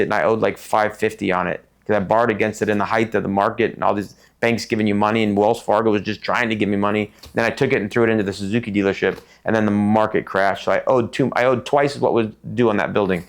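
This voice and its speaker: A middle-aged man from Tucson, a podcast guest telling stories in an animated way and acting out the people in them. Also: lowish voice, fast talker, few pauses. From Tucson, Arizona. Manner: animated, acts out voices in his stories. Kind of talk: casual storytelling interview.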